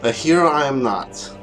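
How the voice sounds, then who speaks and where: A man's voice: mid-range voice, fairly bright tone. A man in his twenties giving an unscripted game review, rambling, laughing often and making self-deprecating asides.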